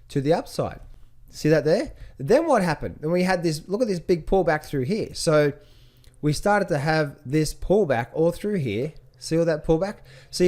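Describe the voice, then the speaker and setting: A man's voice: on the high side, darkish tone. Man teaching chart reading, fond of rhetorical questions. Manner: rhetorical questions, repeats phrases. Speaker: trading instructor. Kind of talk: screen-share chart tutorial.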